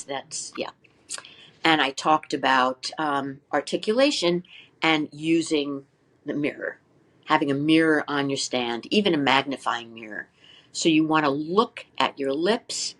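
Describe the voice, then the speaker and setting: In a deep voice, an older flute instructor being interviewed gives an animated rundown of practice methods. She leans on rhetorical questions and sings little syllables to illustrate.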